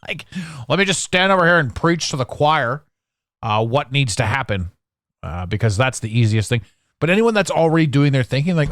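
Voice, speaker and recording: A man's voice: mid-range voice, sing-song, moderate pace, fairly bright tone, no room sound, clean studio sound. A tired man in his forties from Canada, ranting sarcastically in a rambling solo podcast monologue. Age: 40s. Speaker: podcast host.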